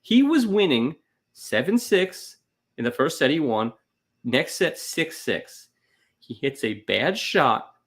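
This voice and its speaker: Animated man telling comedic stories. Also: a little high, slow. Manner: animated storytelling, swings into loud exasperated bursts. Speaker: podcast co-host. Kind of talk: casual comedic chat.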